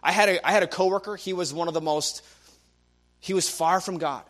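A man's voice: high voice, a little fast, a bit bright. A young man preaching a sermon, telling stories animatedly and acting out the people he quotes. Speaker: guest preacher.

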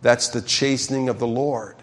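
A man's voice: medium pitch, steady tone, normal speed. Emphatic male pastor preaching. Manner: emphatic, calls out to the congregation. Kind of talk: sermon.

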